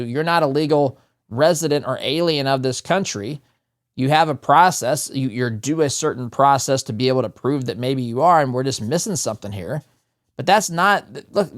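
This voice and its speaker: A man hosting a talk radio show, giving emphatic, opinionated commentary, firing off rhetorical questions and calling his listeners "my friends". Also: medium pitch. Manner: rhetorical questions, animated swings in loudness.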